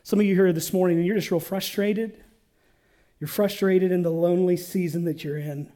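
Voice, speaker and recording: A male pastor preaching a sermon in church, calling on the congregation to respond and swinging from loud to hushed. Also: high voice, steady tone, normal speed.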